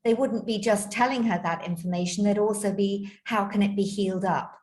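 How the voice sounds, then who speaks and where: A woman hosting an interview, speaking in a reflective, gently affirming way. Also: medium pitch, steady tone, a little fast, reverberant, rough recording. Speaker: interview host. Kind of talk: conversational interview.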